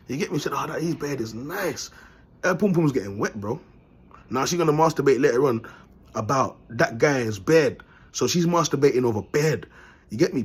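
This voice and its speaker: A man's voice: on the high side, breathy edge. A man, vlogging in a blunt, rambling monologue full of street slang and frequent laughter. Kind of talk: casual monologue to camera.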